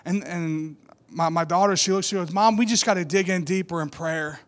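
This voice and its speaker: A man in his thirties giving an animated sermon testimony, building from quiet storytelling to loud emphatic peaks. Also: sits high, moderate pace. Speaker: church speaker.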